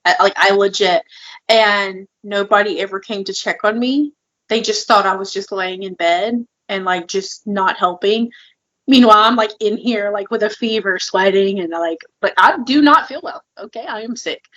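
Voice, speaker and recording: A woman's voice: mid-range voice, normal speed, a bit bright, dull audio. A woman co-hosting a podcast, talking openly and with feeling about her own struggles, often using "like". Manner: open, emotional, heavy filler "like". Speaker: podcast co-host. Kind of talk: candid personal conversation.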